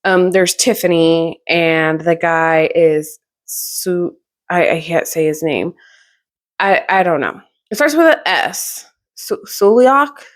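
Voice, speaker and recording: A woman's voice: deep voice, lively intonation, takes it slowly. A young adult woman chatting casually about books she has read, rambling with fillers and restarts. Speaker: book reviewer. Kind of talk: casual book review chat.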